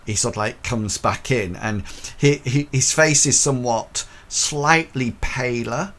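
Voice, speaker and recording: A man's voice: medium pitch, measured pace, a bit bright. A man running a tabletop game as game master, narrating with frequent hesitations and fillers.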